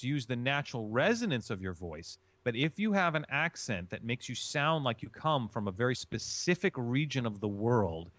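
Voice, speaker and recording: Male interview guest, animated delivery, dry close sound, emphatic teacher manner. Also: mid-range voice, no room sound. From Chicago. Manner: emphatic, explanatory, repeats key phrases. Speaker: voice-acting guest. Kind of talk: instructive interview answers.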